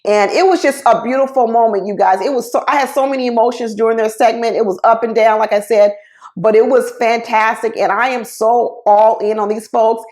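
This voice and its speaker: A woman's voice: a little high, steady tone, brisk, darkish tone. A woman chattily recapping a reality TV episode, gushing, with lots of fillers.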